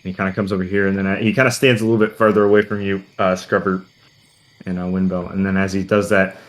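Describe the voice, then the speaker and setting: A man's voice: sits low, level tone, fast talker. A man narrating as game master, rambling and full of fillers. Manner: rambling, heavy on "kinda" and "uh".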